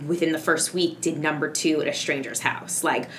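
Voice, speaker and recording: A woman's voice: low voice, steady tone, normal speed, a bit bright, slight background noise. A woman, a mother of two, talking casually about parenting and rambling with lots of fillers and restarts.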